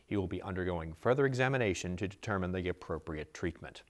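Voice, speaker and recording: Man, low voice, sports news host, measured scripted read. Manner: measured, even read copy. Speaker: show host.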